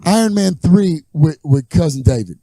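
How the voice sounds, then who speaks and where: Animated high-voiced man telling stories. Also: moderate pace, no room sound. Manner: animated storyteller, acts out quotes. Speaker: podcast host. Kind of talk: casual chat.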